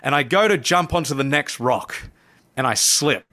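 A man, a podcast guest, telling a personal story in animated conversation and acting out his own past lines. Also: medium pitch, normal speed. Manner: lively narrator who acts out his own past lines. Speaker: podcast guest, coach and speaker.

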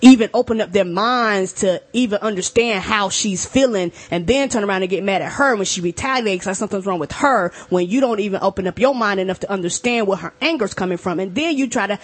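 A woman's voice: medium pitch, a little fast, few pauses. Blunt, emphatic woman co-host. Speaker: podcast co-host. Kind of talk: casual chat.

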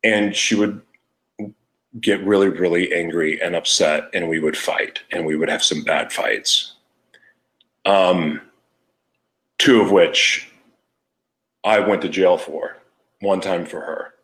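A podcast host, a man with a low, slightly bright voice, shares a raw personal story candidly and emotionally. He speaks slowly with fairly even intonation and long pauses, often restarting and letting thoughts trail off.

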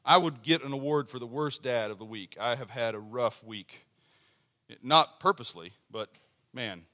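A middle-aged man preaching a sermon as pastor, earnest, dropping to soft personal asides and rising to strong emphasis. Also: medium pitch, normal speed.

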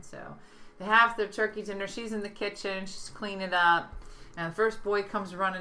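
A woman's voice: fairly quick, slight background noise. A woman comedian in casual chat, telling jokes and acting out the characters' voices. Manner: animated joke-teller, acts out voices with big pitch jumps. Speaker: comedian guest.

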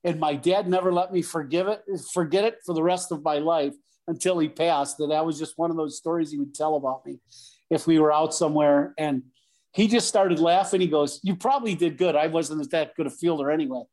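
A man's voice: on the high side, brisk. A middle-aged man, a former pro baseball player, casually telling stories as a guest and acting out the voices in them. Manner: animated, acts out voices in anecdotes. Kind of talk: casual storytelling.

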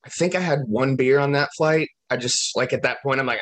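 A man's voice: medium pitch, fairly quick. A man co-hosting a podcast, telling a long travel story in casual, profane chat. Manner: profane, animated anecdote-telling. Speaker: podcast co-host.

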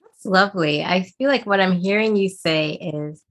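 A woman hosting a health podcast who affirms her guest with short, warm replies and sums up what she hears. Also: on the low side, moderate pace. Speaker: podcast host. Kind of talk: interview hosting.

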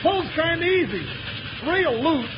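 A comic old cowboy sidekick, eager and excitable, with a very high squeaky voice. It comes from an old 1940s radio drama, muffled and covered in loud hiss. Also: male voice, a little slow, exaggerated voice.

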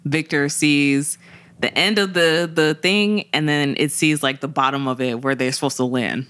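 A podcast co-host with a low voice speaks at a moderate pace as she tells a news story in casual chat. Her storytelling is animated, and she acts out the voices of the people she quotes.

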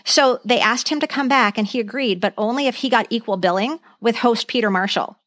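A woman's voice: on the high side, fairly quick, fairly bright tone, dry recording. A woman co-hosting a podcast, chatting enthusiastically and reading out lists of trivia. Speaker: podcast co-host. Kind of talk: casual chat.

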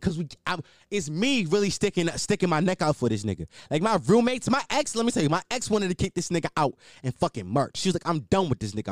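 A young man hosts a podcast and tells a story in a heated, swearing rush, doubling back on his words for emphasis. His voice sits high for a man and swings widely in pitch, and it sounds dry and close on the mic. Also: no room sound. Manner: animated, heated, swearing, repeats himself for emphasis. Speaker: podcast host. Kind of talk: casual storytelling.

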